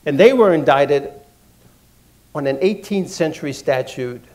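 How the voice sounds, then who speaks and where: A man from Washington, D.C., telling an audience his own story in a deliberate, measured way, repeating phrases for emphasis. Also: fairly high pitch, animated, darkish tone. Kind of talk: measured personal talk to an audience.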